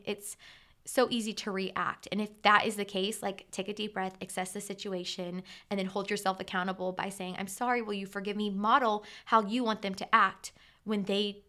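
Hosting her own podcast alone, a woman in her thirties chats in a relaxed, conversational manner full of fillers. She has a medium-pitched, slightly bright voice.

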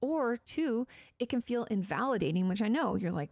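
Chatty woman therapist with vocal fry. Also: fairly high pitch, lively intonation, normal speed, a little mellow, dry recording, clean studio sound. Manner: chatty and explanatory, many fillers like "you know". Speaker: therapist answering viewer questions. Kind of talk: casual advice talk.

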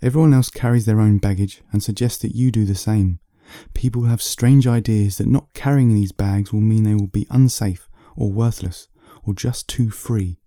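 A man voicing an unseen voice from nowhere that asks calm, probing questions. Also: fairly low pitch, normal speed, hardly any pauses, no echo, studio quality, close to an everyday voice.

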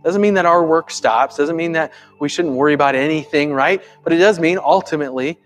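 A man with a fairly high voice preaches like he is talking to friends, pushing some points with energy and dropping others to a near hush. Soft music plays faintly underneath. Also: a little fast. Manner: conversational preaching, swinging from lively emphasis to hushed, soft asides. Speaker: pastor. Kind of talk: sermon.

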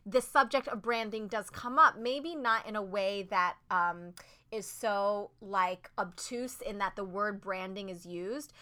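Earnest, clear-voiced actress talking shop. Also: female voice, medium pitch, unhurried. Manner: earnest and animated, many "like"s and restarts. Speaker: Broadway actress, podcast guest. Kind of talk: casual interview chat.

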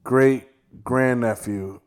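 A man co-hosting a casual podcast chat, laid-back and swearing often. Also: medium pitch. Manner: slow, laid-back, swears and says "dude" a lot. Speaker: podcast co-host.

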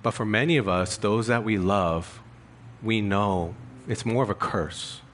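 A man preaching to his congregation in a somewhat low voice. He speaks earnestly and openly about his own feelings. He presses his points with repeated rhetorical questions. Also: a little slow, fairly bright tone, a little hiss or hum. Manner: earnest, confessional, rising emphasis with rhetorical questions. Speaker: pastor. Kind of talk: sermon.

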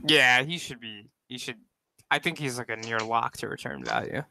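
A man co-hosting a casual podcast chat, talking in a hesitant way with many pauses and restarts. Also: mid-range voice, vocal fry, pushed and bright, slight background noise. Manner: hesitant, full of ums and restarts. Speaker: podcast co-host.

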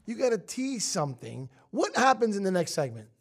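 Male radio co-host, quick, teasing, bossy, lively pitch. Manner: needling, bossy, gives orders. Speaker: co-host of a sports radio show. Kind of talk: teasing studio banter. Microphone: studio microphone.

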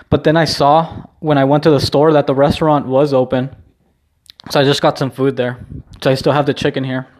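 A man's voice: mid-range voice, darkish tone. A man vlogging from home in a casual, rambling chat, full of restarts and easy swearing. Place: at home, indoors.

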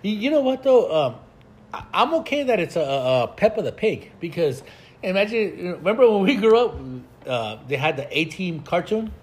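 A man's voice: high voice, very animated, fairly quick, darkish tone. An older man and grandfather telling rambling, profane stories in a casual chat with friends, often breaking into laughter. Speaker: storyteller in a group chat.

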